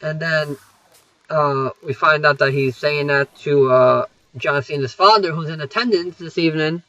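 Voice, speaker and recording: A man's voice: on the high side, steady tone, moderate pace, pushed and bright, no room sound, muffled recording. A young man rambling through a wrestling recap over gameplay, swearing freely and filling gaps with "you know" and "um".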